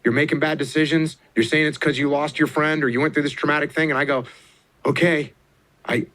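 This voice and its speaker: A man in middle age talks with a fairly high voice, hammering points home with blunt repetition. His pitch leaps up sharply on the words he wants to stress, like a motivational speaker driving home advice. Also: fairly even intonation, fast, fairly bright tone. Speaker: former military officer giving advice. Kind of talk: emphatic motivational talk.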